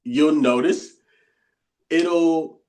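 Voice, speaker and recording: With a darkish tone on the high side, this coach draws out his words while teaching a bootcamp session. He talks informally, repeats phrases often, and acts out inner voices quietly.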